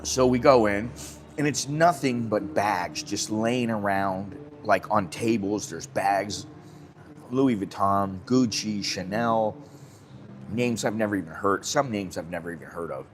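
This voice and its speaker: A man's voice: on the low side, unhurried, a little hiss or hum. An American man telling a rambling story in a casual live stream and acting out the dialogue. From United States. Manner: chatty, rambling, acts out dialogue. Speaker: vlogger. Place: Thailand, drinking coffee. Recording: music clearly behind voice.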